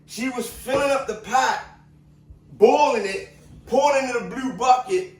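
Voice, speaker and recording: A man with a fairly high voice gives casual commentary straight to his viewers. He speaks emphatically, keeps repeating "remember" and poses questions to the audience. He sounds set back from the mic in a very echoey room. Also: unhurried, distant mic.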